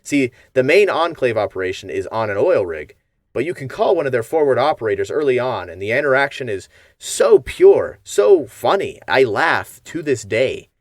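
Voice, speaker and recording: A man's voice: mid-range voice, very animated, normal speed, no room sound, studio quality. A man narrating a gaming lore video essay in a wry, jokey manner.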